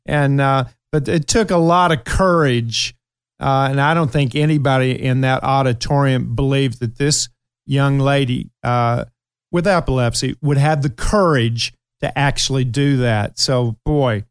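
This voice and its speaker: A man's voice: medium pitch, a little slow, smooth, no room sound, studio quality. A middle-aged man with a Kentucky accent, hosting a talk show and telling emotional stories with many fillers. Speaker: show host. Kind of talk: casual radio talk show chat.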